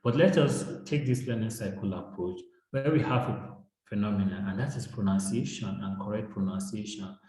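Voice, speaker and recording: Nigerian male educator, explanatory, mid pitch, recorded in a strongly reverberant room. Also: normal speed, darkish tone. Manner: explains with examples, frequent tag "right?". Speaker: education guest. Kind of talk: explanatory discussion. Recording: very echoey room.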